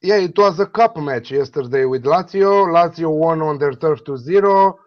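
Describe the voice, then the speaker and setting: A man with a heavy non-native English accent giving football betting tips, halting and full of fillers. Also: fairly high pitch, lo-fi sound. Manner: halting, many fillers and restarts. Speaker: tipster. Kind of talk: casual betting panel chat.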